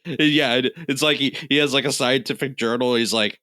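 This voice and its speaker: A man co-hosting a comedy podcast in casual chat, telling drawn-out jokes at an unhurried pace. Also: mid-range voice, fairly even intonation, sharp tone, dry recording, clean studio sound. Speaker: podcast co-host.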